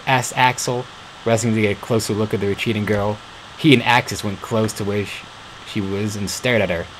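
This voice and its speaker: A man's voice: on the low side, fairly even intonation, brisk, a little hiss or hum, poor audio. A man reading a fan story aloud, stumbling and correcting himself now and then. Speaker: fan-fiction reader.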